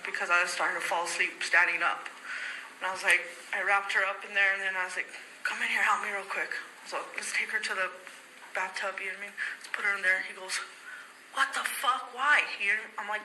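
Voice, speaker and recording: A woman talks in a long, rambling flow, tagging nearly every thought with "you know what I mean" and slipping into the voices of people she quotes. The archival recording is echoey, with a loud noise bed under her voice. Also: medium pitch. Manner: shifts into quoted voices of others. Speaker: interviewee. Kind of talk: recorded statement, recounting events.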